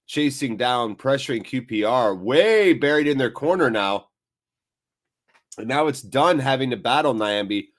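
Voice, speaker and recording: A sniffly man hosting a live match watchalong, giving chatty play-by-play. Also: medium pitch. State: sniffly from blocked sinuses. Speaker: host.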